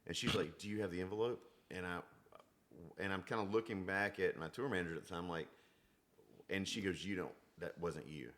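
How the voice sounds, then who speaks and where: Guy, really low voice, talks quick, tells stories and acts out the other people. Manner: animated storyteller, acts out quoted exchanges. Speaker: guest, independent country singer. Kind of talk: casual podcast chat.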